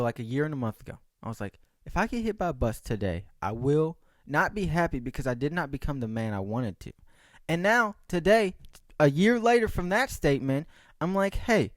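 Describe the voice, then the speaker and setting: In clean studio sound with no room echo, a young man with a slightly high voice runs a solo podcast. His monologue is casual and rambling, animated, jokey, and profane.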